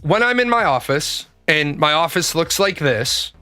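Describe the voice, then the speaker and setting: A man's voice: on the high side, lively intonation, measured pace, pushed and bright, no echo, soft background music. A man giving a blunt, profane, rambling comedic monologue from his office. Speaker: comedic commentator.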